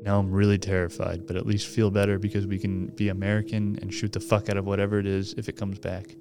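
A man's voice: fairly low pitch, monotone, fast, music in the background. A man hosting a podcast, reading a horror story aloud in a casual way and swearing freely as he goes. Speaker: podcast host.

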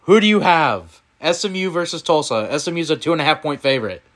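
A man hosting a casual college football picks podcast, his voice swinging lively up and down as he calls out games. He sits a little high in pitch and keeps things playful and teasing. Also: fast. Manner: animated, playful, running the picks. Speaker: podcast host.

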